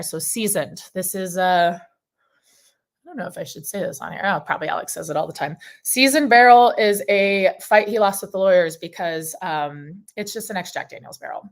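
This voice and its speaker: A woman brand ambassador presents to a live audience in a slightly low voice. She sounds enthusiastic and casual. She often pauses on an um before going on. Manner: enthusiastic and chatty, with frequent ums.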